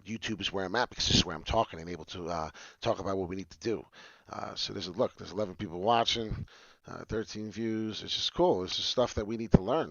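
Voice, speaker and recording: A man with a very low, gravelly voice hosts a trading tutorial livestream. He talks in an excitable, rambling way, pokes fun at himself and keeps drifting off topic. The sound is dry and a bit dull and lo-fi. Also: no echo. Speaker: trading channel host.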